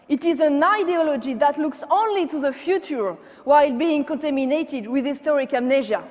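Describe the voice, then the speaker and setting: French-accented woman, high voice, emphatic speech in a big reverberant hall. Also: darkish tone. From France. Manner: impassioned, emphatic oratory. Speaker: conference speaker. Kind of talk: political speech. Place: large conference hall.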